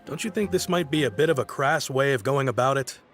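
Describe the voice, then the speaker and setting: A man's voice: medium pitch, a little fast, a bit bright, lightly acted. A man voicing a busy, impatient townsman in a video game who speaks curtly. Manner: curt and impatient. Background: game music.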